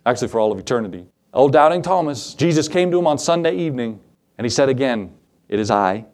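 A man preaching a sermon to his congregation, animated, acting out Bible scenes in quoted voices. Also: mid-range voice, quick pace. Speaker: pastor.

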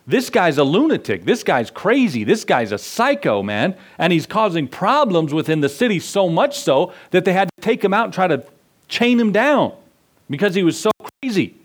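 A man's voice: high voice, sing-song, moderate pace, slightly rough. A man preaching a sermon as pastor, talking in a conversational way with jokes, rhetorical questions and key words drawn out for emphasis.

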